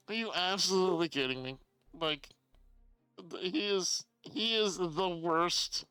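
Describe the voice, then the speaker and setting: Bright, crisp-voiced male streamer. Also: fairly high pitch, no echo, poor audio. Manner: chatty, swearing, reads chat aloud. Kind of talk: casual live-stream chat. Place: home streaming room.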